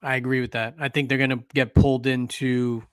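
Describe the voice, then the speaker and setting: A man's voice: medium pitch, flat delivery, fairly quick, fairly bright tone, smooth. A man on a pop culture talk panel, talking loosely with slang and jokes in casual chat. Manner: loose, jokey slang, clowns around with bits.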